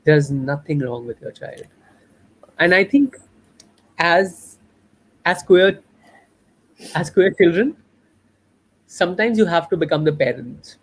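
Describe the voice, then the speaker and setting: A man's voice: on the high side, lively intonation, takes it slowly, long pauses, breathy edge. A young adult man from India, a filmmaker, telling a personal story in an interview in an earnest, heartfelt, reflective way.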